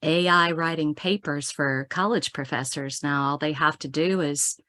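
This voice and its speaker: A woman's voice: sits low, no room sound. A woman poet in her forties, chatting with easy laughter during an online interview and reading her poems aloud. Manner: chatty, laughs often, reads slowly and softly. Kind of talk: casual interview and poetry reading.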